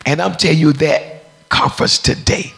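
A deep-voiced woman preacher telling a testimony, acting out the dialogue as she tells it. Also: normal speed, creaky, slightly rough. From United States. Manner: storytelling, acts out dialogue.

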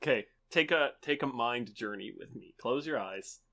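A man's voice: mid-range voice, animated, normal speed, sharp tone. A man co-hosting a casual podcast, rambling through stories and swearing freely. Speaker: podcast co-host. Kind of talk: casual chat.

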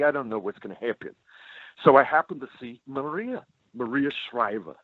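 Husky man telling a lively story. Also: mid-range voice, no echo. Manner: animated, emphatic, repeats "let me tell you". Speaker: storyteller guest. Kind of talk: animated anecdote telling. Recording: tinny phone-like sound.

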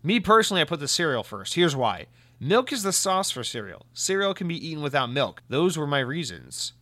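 A man's voice: fairly high pitch, sing-song, fairly quick, sharp tone. A man hosting a solo podcast, reading listener comments and ranting in a sarcastic, mock-serious way. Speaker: podcast host.

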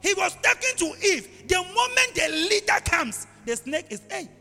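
A high-voiced male pastor preaches with lively, swooping pitch, acting out characters and animal noises as he tells his story. His voice is bright with a gravelly edge. The recording carries long hall reverb with faint music behind him. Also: normal speed. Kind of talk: sermon.

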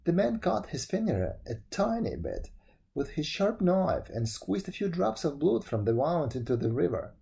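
Man reading a folk story aloud, expressive, mellow dark voice. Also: fairly high pitch, moderate pace, vocal fry, slightly rough.

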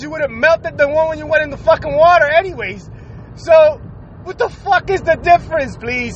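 Man, podcast host, profane animated rant, high voice, faint noise. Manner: profane, animated, laughs while ranting. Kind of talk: casual solo rant. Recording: slightly dull audio with faint noise.

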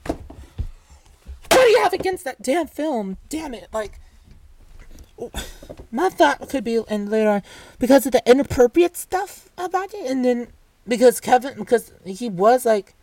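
A woman telling a casual storytime rant, animated, swearing, full of restarts and asides. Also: a little high, a little slow, pauses often.

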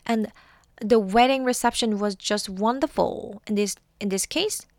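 A woman with a Korean accent teaching English, reading sentences aloud slowly and explaining them. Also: mid-range voice, no room sound, clean studio sound.

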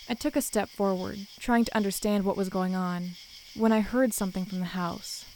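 Woman narrator, mid-pitched voice, steady and measured, for a first-person horror tale. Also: a little hiss or hum, rough recording.

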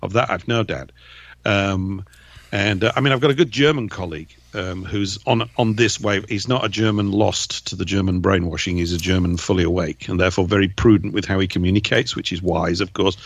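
An English man chats easily on a radio talk show, his voice gravelly and a little husky. The sound is dry and close, with no room around it. He jokes along and drifts into bits of regional accents. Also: low-pitched, fairly even intonation, a little fast, no echo. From England. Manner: chatty, jokey, drifts into mimicking regional accents. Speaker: co-host. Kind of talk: casual radio chat.

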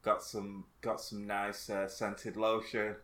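A man joking in a deadpan way during a casual podcast chat. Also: fairly low pitch, slow, reverberant. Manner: deadpan, dry jokes. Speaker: podcast co-host.

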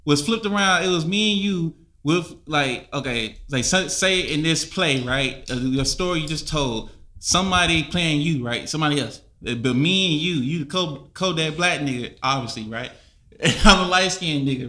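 A man's voice: on the high side, normal speed, pushed and bright, reverberant. A man hosting a casual podcast, playful and teasing, often repeating himself. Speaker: podcast host.

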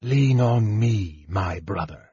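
A man voicing a cold, soft-spoken young male mage in an audiobook, speaking low and quiet. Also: lively intonation, measured pace, breathy edge, no room sound, lo-fi sound, full character voice.

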